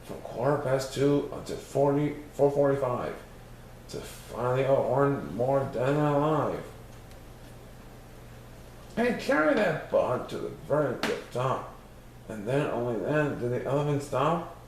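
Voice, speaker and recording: A man's voice: mid-range voice, animated, unhurried, a little mellow, slight background noise. A man reading a rhyming storybook aloud in a sing-song way. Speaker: storybook reader. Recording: very echoey room.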